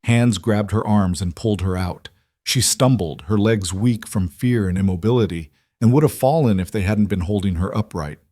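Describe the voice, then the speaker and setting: A man narrating a scripted story in an even, measured way. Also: on the low side, no room sound, studio quality.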